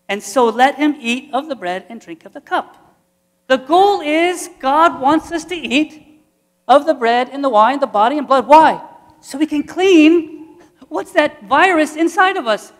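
A man's voice: very high-pitched, long reverb tail. A man, a priest, preaching an earnest, conversational sermon full of repetition.

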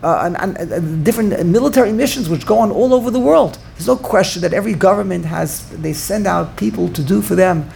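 A man giving an informal Torah class, thinking out loud and repeating phrases for emphasis while answering students. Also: high voice, a little fast, gravelly, hardly any pauses, a little hiss or hum. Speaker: Torah teacher.

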